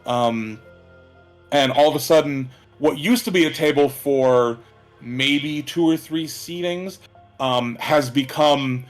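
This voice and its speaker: A man narrating a tabletop game as its game master. He talks in a relaxed way, with many fillers. Faint music plays behind him. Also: mid-range voice, slow.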